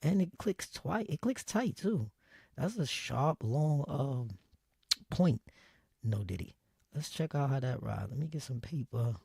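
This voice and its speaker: Low mellow raspy guy, lively up and down, hushed slang, faint music. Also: unhurried, no echo, studio quality. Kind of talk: casual product talk on stream.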